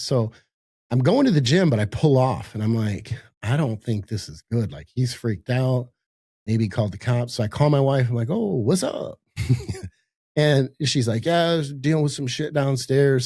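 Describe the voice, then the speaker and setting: A man's voice: medium pitch, no echo, studio quality. Older man telling a profane story with gusto. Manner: animated storyteller, acts out quotes, laughs often, profane. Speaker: podcast guest. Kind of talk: storytelling in casual podcast chat. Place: home office in a high-rise.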